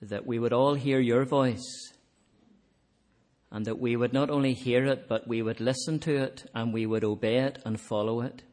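A man preaching an evangelistic sermon, earnest, swelling to emphatic peaks and then dropping to soft, quiet appeals, closing in prayer. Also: mid-range voice, fairly even intonation, normal speed.

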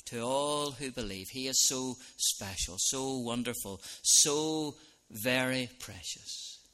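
A minister preaches an evangelistic sermon in earnest, his voice medium in pitch and slow in pace. He swings between quiet, soft lines and loud ones.

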